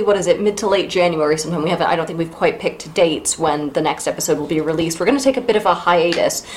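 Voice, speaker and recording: A woman with a slightly low voice co-hosts a book podcast. She talks in casual chat and drops dry, sardonic asides. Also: a little hiss or hum. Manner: wry, sardonic, quick asides. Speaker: podcast co-host.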